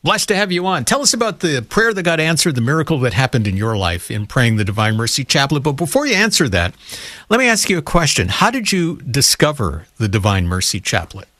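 A man's voice: mid-range voice, big pitch swings, a little fast, fairly bright tone, dry recording, clean studio sound. Earnest male radio call-in host. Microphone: studio microphone.

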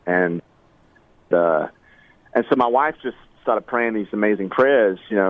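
Earnest, halting man on a phone line. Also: fairly low pitch, no echo. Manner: earnest, halting, with many restarts. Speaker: interviewed singer. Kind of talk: emotional personal interview.

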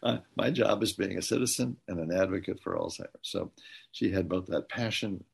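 A man speaking as an interview guest, telling stories in an earnest, halting way with many pauses. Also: low voice, vocal fry, breathy edge. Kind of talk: conversational storytelling.

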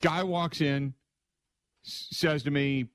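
A middle-aged man hosting a sports radio show, telling stories in an excitable, conversational way and acting out other people's lines. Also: on the high side, slow, clean tone, no room sound. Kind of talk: animated storytelling monologue.

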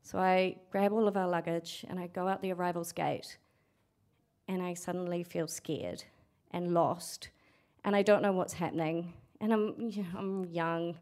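Sweary, animated woman telling a story. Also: on the low side, moderate pace. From New Zealand. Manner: frank, animated and sweary, acting out quotes. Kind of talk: live storytelling. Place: storytelling event stage.

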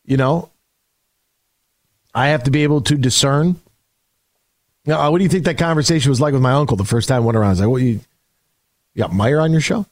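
A man hosting a call-in sports radio show, talking in an energetic, rambling way with frequent restarts. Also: mid-range voice, a little fast, long pauses, no echo, clean studio sound.

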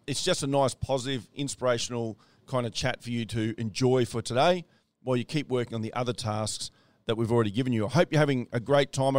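A man hosting a challenge program, talking in a calm, encouraging, unhurried way. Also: mid-range voice, no echo. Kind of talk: casual motivational chat.

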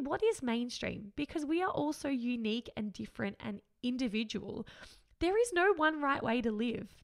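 A woman's voice: high voice, fairly bright tone. A woman, hosting a solo podcast in an earnest, upbeat, reflective way, often laughing. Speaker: podcast host.

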